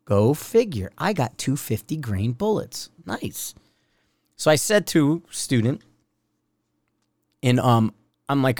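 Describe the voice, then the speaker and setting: A man's voice: medium pitch, very animated, takes it slowly, long pauses, a little mellow, no echo. A man hosting a podcast as a shooting instructor, talking in a blunt, rambling, profane way. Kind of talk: casual rambling podcast monologue.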